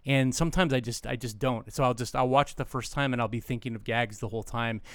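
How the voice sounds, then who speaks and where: Smooth-voiced man hosting a dry-mic podcast. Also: medium pitch, quick pace, fairly bright tone, no room sound. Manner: joking, self-deprecating, chatty. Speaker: podcast host, interviewer. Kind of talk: casual podcast interview.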